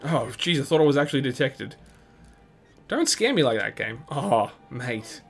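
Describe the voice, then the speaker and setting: A man's voice: mid-range voice, sing-song, normal speed, vocal fry, a bit bright. A man hosting a let's play, giving chatty, rambling gameplay commentary full of restarts and laughs. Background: game music.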